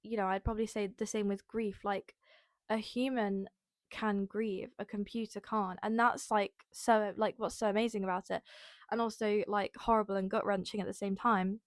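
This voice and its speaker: A woman's voice: medium pitch, little pitch movement, normal speed, no echo, clean studio sound. A young woman, hosting a casual personal podcast, rambling with many fillers and near tears. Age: young adult. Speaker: podcast host.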